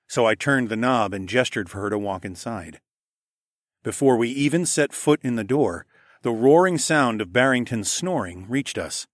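A man reading a first-person fantasy audiobook in a steady, measured way. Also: on the low side, no room sound, clean studio sound. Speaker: audiobook narrator.

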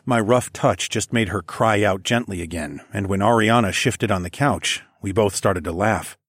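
A man narrates a first-person story in a calm, measured manner, his low voice slightly husky. The recording is close and dry, with no room sound or echo.

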